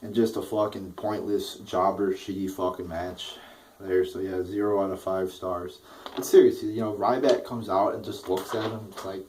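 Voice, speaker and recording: A man's voice: sits low, steady tone, normal speed, a little mellow, recorded from a distance, a little hiss or hum, poor audio. A young man ranting through a wrestling show review, exasperated, swearing constantly and repeating himself.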